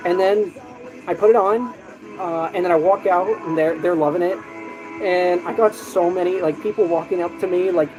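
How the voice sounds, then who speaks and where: A man streaming, chatting casually and telling animated stories with lots of fillers and restarts. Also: high-pitched, moderate pace, rough recording. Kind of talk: casual chat. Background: music.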